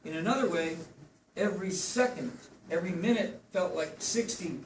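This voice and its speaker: A man speaking at a memorial gathering in halting, emotional remarks that trail off. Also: sits high, slight background noise. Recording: echoey room, far from the mic, guitar behind.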